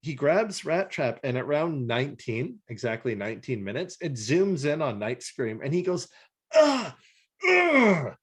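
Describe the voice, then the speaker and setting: A man co-hosting a casual podcast, animated and laughing as he acts out scenes, swearing freely. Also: medium pitch, moderate pace, hardly any pauses, slightly rough. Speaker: podcast co-host. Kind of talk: casual podcast chat reviewing a cartoon episode.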